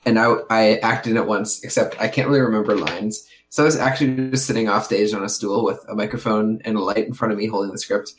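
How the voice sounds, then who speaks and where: A man on a podcast, casually telling a rambling, relaxed story. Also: on the low side, quick pace, few pauses, soft background music. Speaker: podcast co-host. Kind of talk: casual chat.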